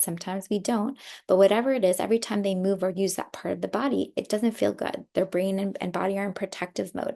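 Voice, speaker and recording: A woman pain clinician calmly explaining chronic pain with everyday metaphors, with a Canadian accent. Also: lowish voice, vocal fry. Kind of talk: educational explanation.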